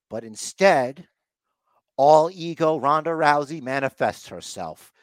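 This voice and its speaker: A man's voice: a little high, animated, slow pace, no echo. A man co-hosting a podcast, recapping a wrestling show in casual chat and acting out the wrestlers' lines. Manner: acts out wrestlers' lines in mock voices. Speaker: podcast co-host.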